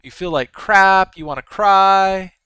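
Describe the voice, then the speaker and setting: A man's voice: sits high, takes it slowly, sharp tone, clean tone, no room sound, low-quality recording. A man giving casual, rambling live commentary while trading futures, talking straight to his viewers. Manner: rambling, conversational, frequent restarts. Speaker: futures trader streaming live.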